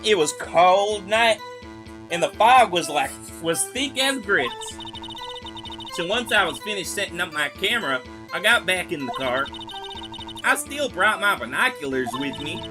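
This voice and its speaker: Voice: mid-range voice, lively intonation, unhurried, natural voice. A streamer voicing a flustered Southern woman witness with a put-on drawl, over game music. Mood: folksy. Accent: American Southern, put on.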